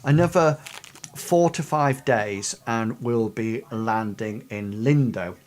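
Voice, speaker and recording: A man's voice: medium pitch, takes it slowly. A man narrating a fantasy tabletop game as game master, rambling with many fillers. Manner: rambling, many ums and sort-of-likes.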